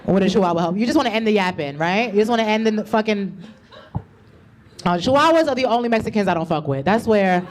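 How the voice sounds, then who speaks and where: A woman's voice: mid-range voice, lively intonation, fast. A woman doing a stand-up comedy set with a loose, slangy, conversational delivery. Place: comedy club stage.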